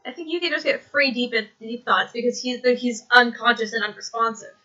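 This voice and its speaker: A woman's voice: a little high, fairly quick, sharp tone, highs cut off. A woman narrating a tabletop game as dungeon master, rambling through descriptions with many fillers.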